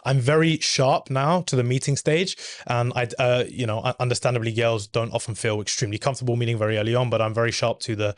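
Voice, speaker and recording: A man hosting a podcast, asking earnest, measured questions in conversation. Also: medium pitch, fairly even intonation, no echo, clean studio sound. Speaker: podcast host.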